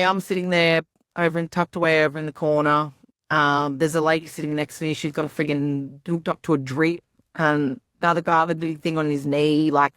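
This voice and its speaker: A woman's voice: deep voice, no echo, clean studio sound. A young woman on a podcast, telling her story in a rambling, casual way full of "like" and quoted asides.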